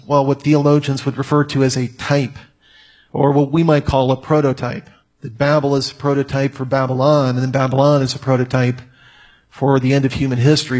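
A man's voice: mid-range voice, darkish tone. A man preaching a conversational sermon, with asides to his audience. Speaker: pastor.

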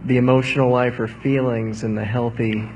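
A man from the audience who asks a careful, measured question in a mid-pitched voice. Faint background noise sits under his voice. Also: little pitch movement, a little mellow, muffled recording. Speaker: audience member.

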